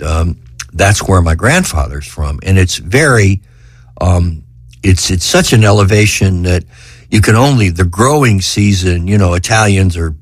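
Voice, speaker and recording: Middle-aged guy, low voice, dry close sound, reads his own stuff all earnest then rambles with lots of ums. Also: husky, no echo. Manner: earnest, emotional reading; halting, filler-heavy talk. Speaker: author and guest. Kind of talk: reading aloud, then conversation.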